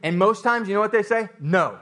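A man's voice: sits high, steady tone, fast talker, a bit bright. A man preaching a sermon, repeating phrases and building intensity, with occasional laughter. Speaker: pastor.

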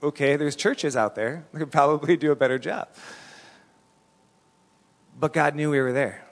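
A middle-aged man preaching a sermon as a pastor, telling stories in an animated, conversational way. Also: a little high, moderate pace, vocal fry. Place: church hall. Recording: long reverb in a church hall.

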